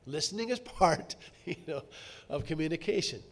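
This middle-aged pastor has a somewhat high voice and a brisk delivery. He tells stories through his sermon, alternating between hushed asides and forceful, loud outbursts.

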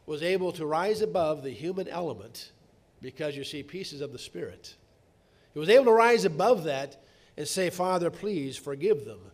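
A middle-aged man preaching a sermon, earnest, slowing down to stress key words and rising to emphatic peaks. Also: on the high side.

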